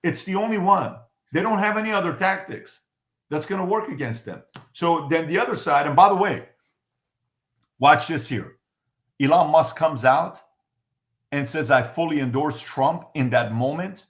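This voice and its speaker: This man's slightly high voice sounds animated at a normal speed, with a roomy acoustic. As a podcast host giving lively commentary, he speaks with emphasis and throws out one rhetorical question after another.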